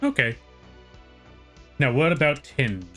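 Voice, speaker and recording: A man's voice: medium pitch, huge pitch swings, slow, pushed and bright, soft background music. A young American man chatting casually with his viewers during a live drawing stream, rambling and poking fun at himself. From United States. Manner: rambling, self-deprecating, chats with viewers. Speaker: art streamer.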